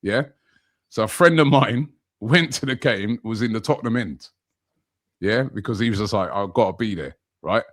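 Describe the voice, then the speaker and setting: During a casual podcast chat, a male co-host of medium pitch and moderate pace shares an amusing story about fans. He tells it with animation, imitating the voices of the people he quotes.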